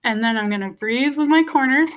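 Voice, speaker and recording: Speaking a little fast, this woman has a high-sitting, fairly bright voice. She's teaching beginner music in a video lesson, going over each step patiently and asking "okay?" along the way.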